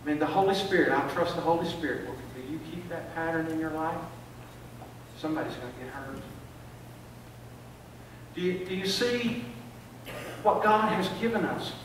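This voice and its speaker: Older preacher, high voice, echoey church. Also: male voice, animated, moderate pace, long pauses, recorded from a distance, noisy background. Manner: storytelling, repeats words when building up. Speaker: pastor. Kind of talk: sermon. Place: church sanctuary.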